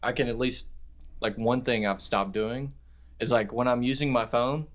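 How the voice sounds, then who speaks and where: A man's voice: medium pitch, fairly even intonation, normal speed. Dry-joking man guesting on a podcast. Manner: dry, offhand jokes. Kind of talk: casual chat.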